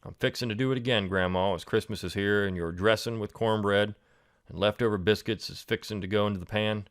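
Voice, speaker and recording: A man, hosting and reading a reflective poem before giving commentary in a measured way. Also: on the low side, fairly even intonation, clear, resonant tone. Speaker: host.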